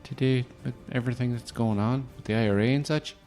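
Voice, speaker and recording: A man's voice: mid-range voice, fairly even intonation, fast talker, darkish tone, pitched above the performer's own voice, lightly acted. Man playing a chatty, teasing Northern Irish heavy who rambles, with faint music behind. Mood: sly. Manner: rambling, teasing, mock-formal "Mister Ford".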